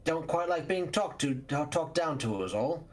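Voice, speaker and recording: A man's voice: fairly high pitch, expressive, normal speed, faint music behind. A man voicing a brusque, streetwise male vampire driver who barks curt orders. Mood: gruff. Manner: curt orders, rough slang.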